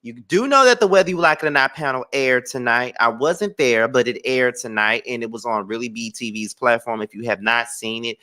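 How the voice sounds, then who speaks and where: A man hosts a casual celebrity gossip show with theatrical, dramatic flair, his animated medium-pitched voice moving briskly with hardly any pauses.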